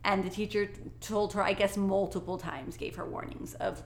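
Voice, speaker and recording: Lively woman chatting in an echoey room. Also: medium pitch, moderate pace, slight background noise. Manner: lively, laughs easily, animated retelling. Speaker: co-host, mother. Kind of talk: casual storytelling chat.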